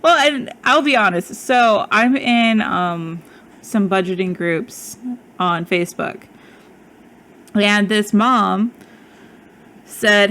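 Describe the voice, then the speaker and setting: A woman's voice: medium pitch, slow, a bit bright. A woman in her thirties with a slight lisp, chatting casually as a podcast co-host and laughing often. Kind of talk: casual chat.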